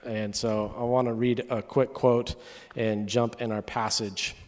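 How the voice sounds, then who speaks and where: A young man from Texas giving a sermon as a guest preacher, telling a story in a conversational, lively way. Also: mid-range voice, measured pace. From Texas, USA. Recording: long hall reverb.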